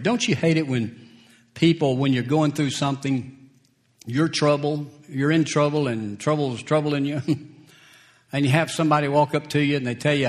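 A man preaching a sermon, slow and deliberate, who chuckles between points and acts out scripture quotes. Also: on the high side.

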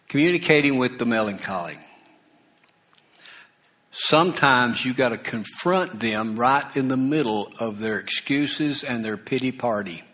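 A man's voice: medium pitch, lively intonation, measured pace, a bit bright. A man preaching a sermon in a conversational way, with asides to the congregation and repeated exhortations. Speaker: pastor.

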